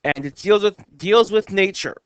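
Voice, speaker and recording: A man teaching a lesson, slowly counting the syllables of short poems and reading their lines aloud word by word. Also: high voice, clear, resonant tone, dry recording, dull audio. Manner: slow and careful, reads lines out word by word. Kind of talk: explaining haiku syllable counts.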